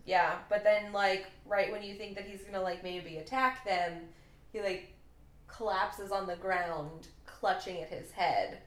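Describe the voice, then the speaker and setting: A woman's voice: medium pitch, fairly even intonation, unhurried, fairly bright tone. A woman co-hosting a podcast, playfully retelling a TV episode in casual, chatty talk. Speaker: podcast co-host. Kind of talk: casual chat recapping a TV episode. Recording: echoey room.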